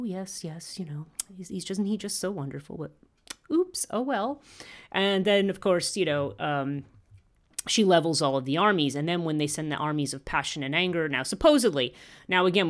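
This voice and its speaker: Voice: medium pitch, fairly bright tone. A teacher giving a podcast lecture in a rambling way, with frequent fillers and restarts.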